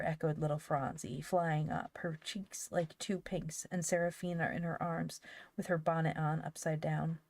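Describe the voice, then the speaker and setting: Woman reading an old kids novel, low voice, lively, dry close sound. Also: moderate pace, no room sound. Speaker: audiobook narrator. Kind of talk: reading a classic novel aloud.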